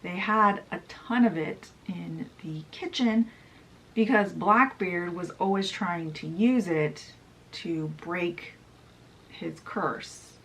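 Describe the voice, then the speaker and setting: A woman's voice: fairly low pitch, takes it slowly, a bit bright, poor audio. A woman casually summarizing a fantasy novel in a chatty way, often saying "he's like". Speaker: book reviewer.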